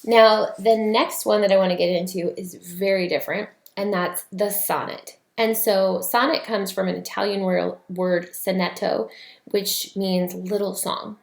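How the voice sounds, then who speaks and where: A woman's voice: mid-range voice, fairly even intonation, a little slow, vocal fry, echoey room. A woman teaching an online class in a casual, explanatory way with many fillers.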